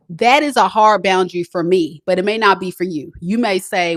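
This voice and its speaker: Dramatic, animated woman giving advice. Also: moderate pace, hardly any pauses, no echo, clean studio sound. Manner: animated and dramatic, swinging from loud outbursts to calm, low talk. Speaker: tarot reader hosting a livestream. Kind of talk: casual livestream advice talk.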